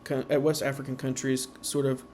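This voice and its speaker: A man giving an informal slideshow presentation, halting with many fillers and slowing down to sound out example words. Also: medium pitch, level tone, a little mellow, a little hiss or hum.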